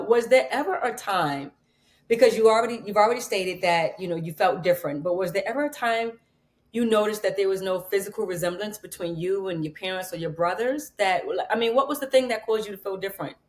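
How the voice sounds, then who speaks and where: A woman at a middle pitch hosts an interview. She sounds supportive of her guest and asks long, searching questions. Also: brisk. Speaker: interview host.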